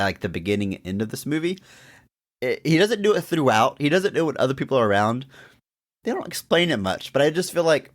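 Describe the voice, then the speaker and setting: A young man talks through a film on a casual podcast in a low voice. He laughs often, and his pitch leaps up whenever something excites him. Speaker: podcast co-host. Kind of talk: casual movie review chat.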